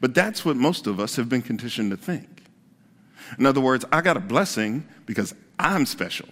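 A man's voice: mid-range voice, big pitch swings, moderate pace, fairly bright tone, long reverb tail. A man preaching a conversational sermon as pastor, repeating his key points for emphasis.

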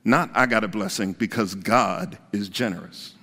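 A man's voice: fairly low pitch, normal speed, bright, forceful tone, in a large hall. A man preaching a conversational sermon as pastor, repeating his key points for emphasis.

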